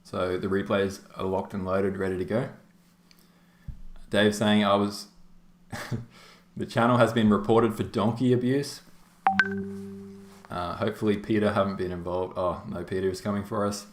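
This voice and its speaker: A man's voice: lowish voice, flat delivery, normal speed, pauses often, a little hiss or hum. An Australian man hosting a game tournament stream, chatty and rambling, laughing often and full of fillers. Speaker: tournament caster and stream host. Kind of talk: casual live-stream chat. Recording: roomy echo.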